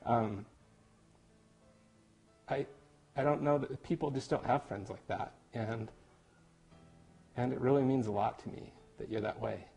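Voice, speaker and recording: A man recording a heartfelt, halting birthday message to his best friend, getting emotional and joking at himself. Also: medium pitch, gravelly, dark tone, breathy edge, soft background music. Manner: emotional, halting, self-deprecating. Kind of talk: personal video message. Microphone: camera.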